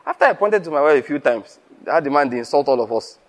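Here a man with a slightly high voice speaks fast while addressing fellow pastors. He spins lively anecdotes, plays out the conversations himself, and keeps laughing.

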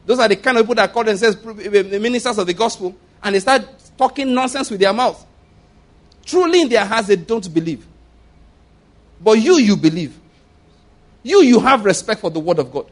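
Casting: male pastor, high voice, emphatic and repetitive sermon delivery. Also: animated, moderate pace, pauses often. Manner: emphatic, repetitive, rhetorical questions.

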